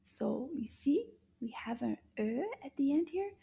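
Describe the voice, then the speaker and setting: A woman teaching French to young children, slow and animated, gasping with delight and drawing out her words. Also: high-pitched, creaky. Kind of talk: children's language lesson.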